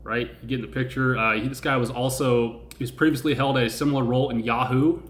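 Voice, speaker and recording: A man's voice: medium pitch, fairly even intonation, quick pace, echoey room. A man hosting a stock-investing channel, chatting casually, laughing often and asking his viewers questions. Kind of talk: casual video commentary.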